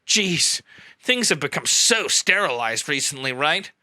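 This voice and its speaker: A man's voice: big pitch swings, measured pace, pushed and bright, no room sound. Sarcastic man hosting a comedy news show. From US Midwest. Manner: sarcastic, mock-outraged, with sudden pitch jumps. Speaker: satirical news host.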